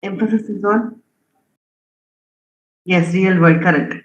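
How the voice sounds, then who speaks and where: Speaking slowly and steadily at medium pitch, a programming instructor runs a live online lecture. Students get quizzed and their answers read out, with frequent "okay?" and "right?" checks, all captured in dull, roomy lo-fi stream sound.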